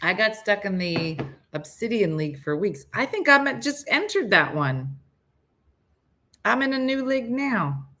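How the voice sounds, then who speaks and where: A woman's voice: mid-range voice, sing-song, a little slow, sharp tone, a little hiss or hum. Chatty woman hosting a morning stream. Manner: chatty and rambling, reads viewer comments aloud. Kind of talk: casual chat with viewers.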